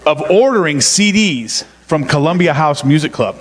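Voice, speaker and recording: A middle-aged man tells stories from the pulpit in a chatty, joking way and pokes fun at himself. His voice sits fairly high. The sound carries the long echo of a church hall. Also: animated, moderate pace, hardly any pauses. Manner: joking, self-mocking, chatty. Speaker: pastor's son, co-preacher. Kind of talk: casual storytelling sermon.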